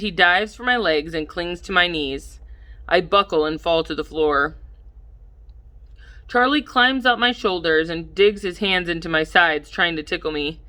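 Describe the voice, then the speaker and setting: A woman reading a first-person audiobook in a measured way, livening up the dialogue. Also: lowish voice, sharp tone. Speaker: audiobook narrator.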